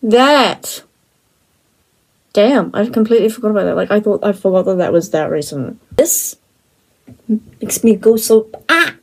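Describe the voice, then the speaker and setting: Excitable rambling woman reacting. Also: medium pitch, normal speed, gravelly. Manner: excitable, rambling, full of "like" and exclamations. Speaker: reaction video host. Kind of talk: casual reaction commentary.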